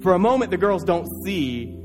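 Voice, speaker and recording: A man's voice: high-pitched, very animated, normal speed. Man, pastor, sermon, earnest, urging, repeated phrases, music behind.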